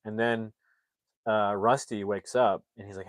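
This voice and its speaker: Male movie reviewer, lower register, casual and rambling, dry close sound. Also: fairly even intonation, measured pace, dry recording. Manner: rambling, filler-heavy storytelling. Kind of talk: casual plot recap.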